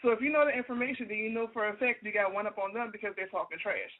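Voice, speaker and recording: A woman's voice: medium pitch, very fast. A woman from the United States co-hosting a radio show, talking in a blunt, sassy, emphatic way in casual comedic chat. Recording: phone-like narrow sound.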